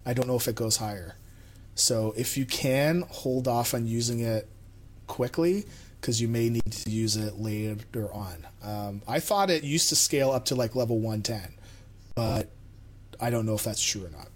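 A podcast host chats loosely and casually in a mid-range male voice at a moderate pace. He rambles and frequently makes fun of himself.

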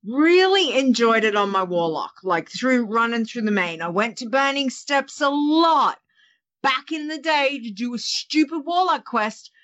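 A woman's voice: fairly high pitch, a bit bright. A woman in a casual podcast chat, rambling and chatty, restarting her sentences and adding asides. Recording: dull lo-fi audio.

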